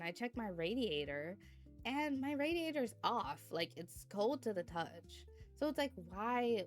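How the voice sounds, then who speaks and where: A young adult woman streamer chatting casually about a sleepless night, laughing often and breaking into bursts of mock outrage, sleepy and yawning. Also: medium pitch. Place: indoors at home.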